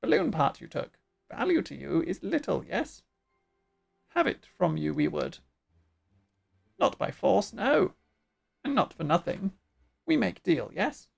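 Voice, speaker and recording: A fierce, proud bird-creature warrior from a fantasy game, as a woman puts it on, talking in clipped phrases with the word order jumbled about. The voice jumps around in pitch and carries a gravelly rasp under the squawky edge. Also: sing-song, unhurried, pauses often, full character voice. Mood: bargaining. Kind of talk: game dialogue voiced live.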